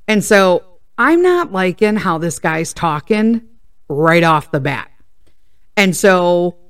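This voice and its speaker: A woman's voice: on the low side, fairly bright tone, dry recording, clean studio sound. A woman hosting a casual storytelling podcast, ranting profanely and drifting into tangents. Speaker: podcast host.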